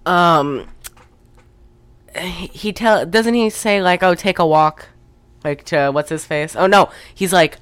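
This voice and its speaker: A woman's voice: low-pitched, slow, a bit bright, clear, resonant tone, no echo. A young woman recapping a movie in casual chat, rambling and profane, acting out the characters' lines. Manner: rambling, profane, acts out quotes.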